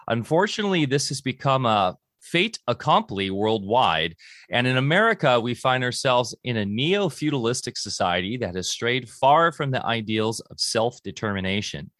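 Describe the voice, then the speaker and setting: A man's voice: medium pitch, fairly bright tone, no room sound, studio quality. Hesitant man hosting a podcast. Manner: hesitant, many ums and uhs. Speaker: podcast host. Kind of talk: casual podcast talk.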